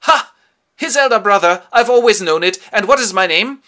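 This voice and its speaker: Man doing an excitable young gentleman. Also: sits high, moderate pace, voice pushed up. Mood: excited.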